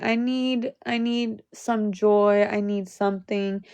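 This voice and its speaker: A woman's voice: mid-range voice, steady tone, slow pace, darkish tone, clean tone, dull audio. A young woman venting on a live stream, her voice cracking near tears, swearing often and restarting her sentences. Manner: profane, repetitive, restarts sentences. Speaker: livestreamer.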